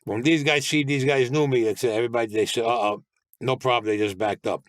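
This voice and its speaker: A man's voice: medium pitch, quick pace, dry recording, clean studio sound. A man telling his own story as a podcast guest, in a blunt, streetwise way and mostly in the present tense. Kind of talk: storytelling interview.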